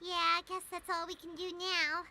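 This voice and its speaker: A woman's voice: very high-pitched, level tone, moderate pace, bright, forceful tone, full character voice. An actress voicing a tiny floating girlish companion with a sing-song, wheedling way of talking in a video game. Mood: disappointed. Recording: game music under the voice. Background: game music.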